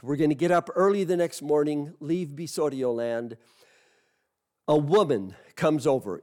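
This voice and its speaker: A man's voice: fairly high pitch, a little mellow. A man preaching a sermon as a missionary, telling a story earnestly and repeating phrases for emphasis.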